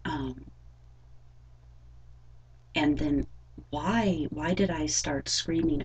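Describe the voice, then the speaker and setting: A young adult woman telling a personal story in a vlog, halting and rambling with many fillers. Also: deep voice, a little mellow, slight background noise, rough recording. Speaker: vlogger.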